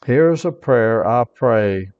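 A man's voice: medium pitch, animated, slow, big-room sound, muffled recording. A man who is a pastor giving an earnest personal testimony sermon, repeating his points and reading scripture aloud.

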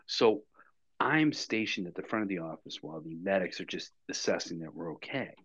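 A man co-hosting a podcast, telling a story in casual chat with a dry, deadpan manner. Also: sits low, brisk, breathy edge, dry recording, highs cut off. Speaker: podcast co-host.

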